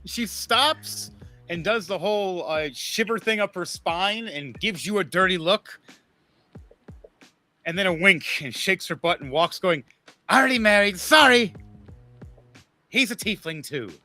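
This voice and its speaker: Man game master, casual halting narration, bright voice, faint music behind. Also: high-pitched. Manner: casual, halting, lots of restarts.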